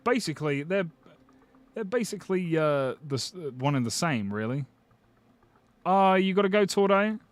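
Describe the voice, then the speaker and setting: Animated and high-pitched, this UK streamer speaks at normal speed but leaves long pauses while he jokes through viewer comments. He swears freely and restarts sentences, and the recording has no room sound.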